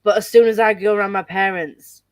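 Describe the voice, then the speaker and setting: A woman with a Yorkshire accent chatting casually with friends, laughing often and talking in quick bursts. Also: medium pitch, steady tone, no echo. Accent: Yorkshire English. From Yorkshire, England. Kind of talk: casual group chat on a livestream.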